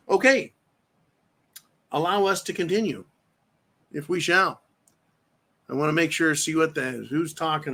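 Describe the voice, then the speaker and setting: A man's voice: a little high, pushed and bright. A man hosting his own show, ranting in a profane, combative way and reading out viewer comments. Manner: reads viewer chat aloud. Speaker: show host. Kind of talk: live-stream commentary rant.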